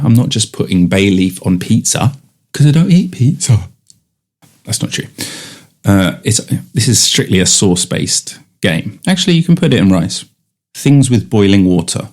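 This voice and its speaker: A man, improvising a rambling, silly comic monologue as a podcast host. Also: lowish voice. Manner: rambling, silly, switches into funny voices.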